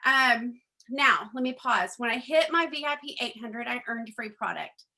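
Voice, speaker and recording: A middle-aged woman, speaking in a slightly high, pushed and bright voice at a normal speed, gives a chatty personal testimony to a group as a network marketing speaker. She acts out quoted conversations, says "um" frequently, and calls her audience "guys."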